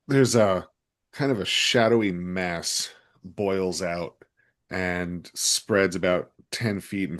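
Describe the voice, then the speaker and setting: Male player, low voice, slow and halting, lots of ums. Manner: halting, filler-heavy description. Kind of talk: playing a tabletop game.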